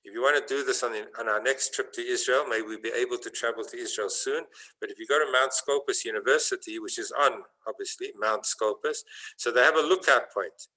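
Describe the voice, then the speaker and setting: A man giving a sermon as a rabbi, telling a story and building to fervent emphasis, with some halting restarts. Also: medium pitch, sharp tone, rough recording.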